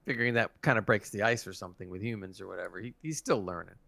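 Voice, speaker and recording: Man, co-host, bright tense tone, dry close sound, chatty review banter. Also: fairly low pitch, rapid-fire, gravelly, no room sound. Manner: relaxed, chatty, adds backstory. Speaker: podcast co-host. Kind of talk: casual episode review chat.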